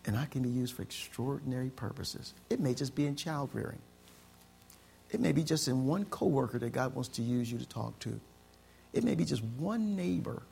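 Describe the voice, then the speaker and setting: Gravelly-voiced male preacher. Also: mid-range voice, slight background noise. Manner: preaching with rising excitement, repeated phrases. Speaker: pastor. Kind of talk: sermon.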